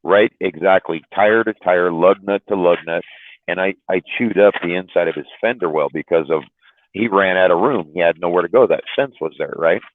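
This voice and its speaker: A middle-aged male trucker tells a long road story in casual chat. His voice is very low, and he stumbles and repeats himself as he goes. The sound is dry and tinny, like a phone line. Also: moderate pace, no room sound. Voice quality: deep, drawling, repeats words while telling. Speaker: truck driver telling a story.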